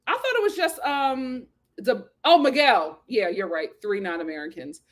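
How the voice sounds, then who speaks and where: Host: woman, high voice, animated and exclamatory, live recap chat reading viewer comments. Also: moderate pace. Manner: animated, exclamatory, laughs often. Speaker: host of a reality TV recap channel.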